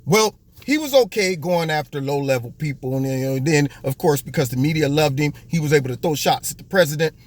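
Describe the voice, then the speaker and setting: A man hosting a political commentary monologue, speaking in an animated, mocking way and often slipping into voices. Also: fairly high pitch, fairly quick, few pauses. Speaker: host.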